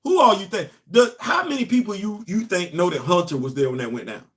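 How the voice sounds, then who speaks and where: A middle-aged man, hosting casual comics commentary, talking straight to viewers and often getting loud and excited. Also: high-pitched, brisk. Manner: animated, talks straight to the audience, rising to loud exclamations. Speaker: host of a comics commentary channel.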